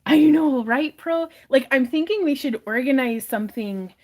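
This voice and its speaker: A woman's voice: high-pitched, animated, normal speed. A young woman hosting a live stream auction, chatting casually, giggling often and reading viewer comments aloud.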